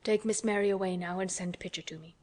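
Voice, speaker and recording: A woman reading an audiobook, voicing a weary, grieving middle-aged gentleman who speaks slowly and quietly. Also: medium pitch, steady tone, lightly acted. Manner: slow, subdued, tired.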